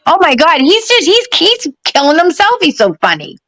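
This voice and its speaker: A woman's voice: very high voice, wildly swooping pitch, moderate pace, bright, forceful tone, no room sound, low-quality recording. A woman doing psychic readings on a live stream in a chatty, laughing way, at home. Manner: chatty, laughing, talks to her pets. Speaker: psychic medium. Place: home during a power outage.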